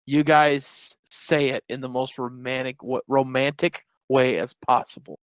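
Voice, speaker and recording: A man's voice: mid-range voice, flat delivery, unhurried, clear, resonant tone, no room sound, low-quality recording. A man who is a guest on a live stream, chatting casually with playful wisecracks.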